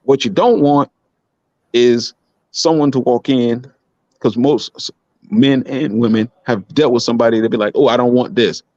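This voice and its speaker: A man's voice: medium pitch, measured pace, darkish tone, no room sound, muffled recording. A man, an independent wrestler, talking as a guest in casual podcast chat, blunt and profane, rambling with lots of restarts.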